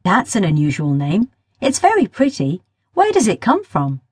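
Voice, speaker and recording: A cheeky, grinning boy, put on by a woman reading a children's story, who teases with a lively, bouncing voice. The sound is close and dry, with a slightly husky edge. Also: medium pitch, normal speed, no room sound. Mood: teasing. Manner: playful, teasing. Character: cheeky red-haired boy, a bit older, mischievous.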